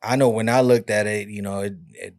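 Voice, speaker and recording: A man's voice: fairly low pitch, steady tone, brisk, darkish tone, no room sound, studio quality. A man hosting a podcast interview, talking in a laid-back, rambling way full of "you know what I mean". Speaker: podcast host. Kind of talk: casual interview chat.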